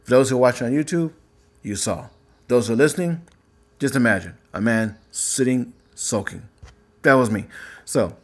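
A married man hosting his own podcast, talking earnestly and a little preachily about anger and faith, often repeating himself and asking questions. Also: mid-range voice. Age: adult, married. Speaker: podcast host. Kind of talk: casual faith-based talk.

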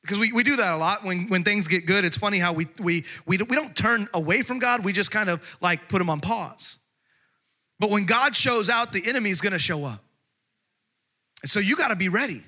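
High, bright-voiced preaching man. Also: expressive, fairly quick. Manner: emphatic preaching, voice swings from loud to hushed. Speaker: pastor. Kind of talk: sermon.

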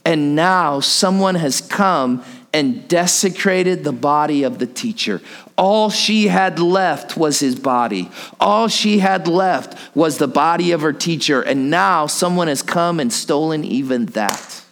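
A man preaching a sermon, repeating phrases, asking the listeners questions and dropping low and soft for emphasis. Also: lively intonation, takes it slowly. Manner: asks the listeners rhetorical questions.

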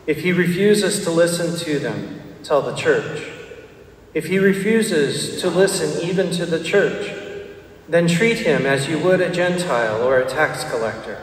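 A man's voice: on the high side, expressive, slight background noise. Man reading scripture in a vast echoing church. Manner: measured, formal. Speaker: gospel reader at Mass. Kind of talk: liturgical gospel reading. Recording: distant mic in echoey church.

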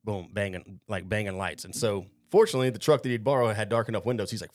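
A man's voice: fairly low pitch, fast, darkish tone. A man hosting a podcast, telling a long, rambling, profane story in casual chat. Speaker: podcast host.

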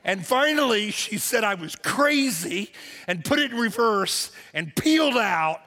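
A man preaching a sermon as pastor, telling a story and shouting lines out for emphasis. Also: high voice, big pitch swings. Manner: storytelling, shouts for emphasis, drawn-out slow phrases. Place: church auditorium. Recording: long hall reverb.

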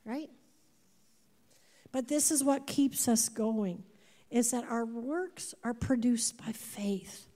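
High-voiced woman preaching in a reverberant church. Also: takes it slowly, long pauses. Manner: animated, repeats words, asks the congregation questions. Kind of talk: sermon. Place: church before a congregation. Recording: long hall reverb.

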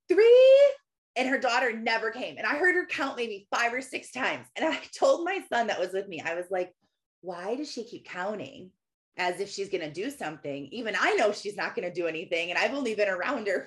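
A woman's voice: mid-range voice, a bit bright. A woman in her thirties giving a casual, earnest faith talk, chatty and laughing often as she acts out quotes. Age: 30s. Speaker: Christian podcaster and author.

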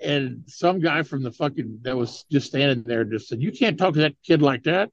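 A man's voice: medium pitch, animated, normal speed, highs cut off. A man guesting on a podcast, telling stories in casual chat, swearing a lot, laughing often and filling with "you know". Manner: profane, laughing, heavy use of "you know".

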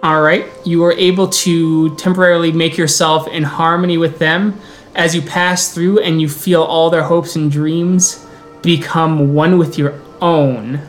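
Storyteller for a tabletop game: a man, mid-pitched, unhurried descriptive narration between brisk rules calls, faint music behind.

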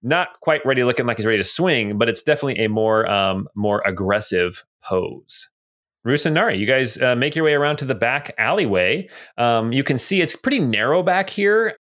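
A man's voice: mid-range voice, lively intonation, normal speed, fairly bright tone. A man running a tabletop game as game master, describing scenes in a casual, rambling way with many fillers.

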